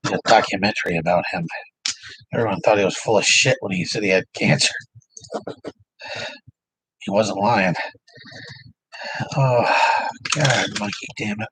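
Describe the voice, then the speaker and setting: A man's voice: lowish voice, moderate pace, long pauses, fairly bright tone, slightly rough, no echo, rough recording. A man streaming, chatting casually and laughing often while he saws and files at a workshop project, rambling and joking at his own expense.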